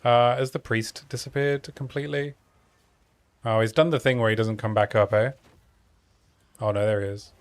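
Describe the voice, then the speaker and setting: A man's voice: mid-range voice, fairly even intonation, normal speed, long pauses. A man chatting casually while streaming a video game, joking around and trailing off with fillers. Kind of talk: casual gameplay chat.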